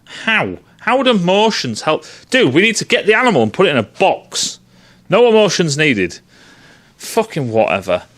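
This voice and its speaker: A man's voice: high voice, sing-song, normal speed, a bit bright. A man giving a profane, sarcastic film review rant, swearing freely and sounding exasperated.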